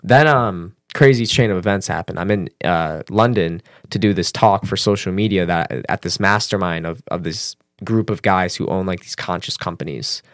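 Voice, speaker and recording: A man telling a personal story as a podcast guest, casual and animated, swearing and using fillers. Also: normal speed, few pauses, dry recording, clean studio sound. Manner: animated, acts out quotes with raised pitch.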